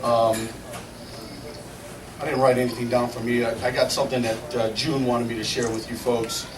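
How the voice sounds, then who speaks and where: A man's voice: mid-range voice, moderate pace. A middle-aged man telling folksy, laughing stories at a memorial service, acting out what others said. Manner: folksy, laughing, quotes people in lively voices. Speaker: memorial speaker. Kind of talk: informal storytelling eulogy. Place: memorial gathering hall. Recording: echoey room, far from the mic, noisy.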